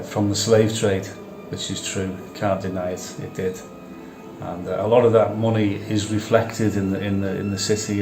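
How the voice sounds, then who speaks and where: A man hosting a vlog who talks in a casual, conversational way and repeats phrases for emphasis. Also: fairly low pitch. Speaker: vlog host. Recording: echoey room with music behind.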